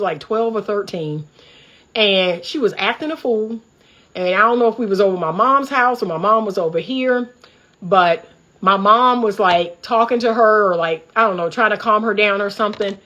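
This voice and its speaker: A woman's voice: mid-range voice, bright, forceful tone, muffled recording. A middle-aged woman from the Washington D.C. area, hosting a livestream, talking in a fired-up, preachy and candid way. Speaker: relationship coach and host. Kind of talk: livestream commentary monologue.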